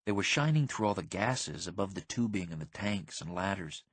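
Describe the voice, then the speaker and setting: Husky man reading a deadpan teen story. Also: low-pitched, normal speed, no room sound. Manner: casual teen slang, flat and deadpan. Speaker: audiobook narrator. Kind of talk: first-person audiobook narration.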